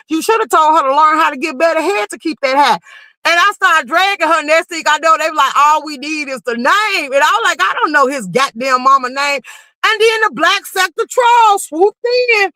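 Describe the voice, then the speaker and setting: Woman streamer, high pitch, sharp bright voice, dry close sound, animated profane storytelling. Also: no echo, poor audio. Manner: animated, profane, quick to raise her voice. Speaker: livestream commentary host. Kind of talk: casual storytelling rant.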